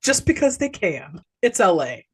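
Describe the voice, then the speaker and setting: Animated woman laughing through a movie recap. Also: fairly low pitch, moderate pace, slightly rough. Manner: animated, laughs often, swears casually. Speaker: podcast co-host. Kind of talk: casual movie recap chat.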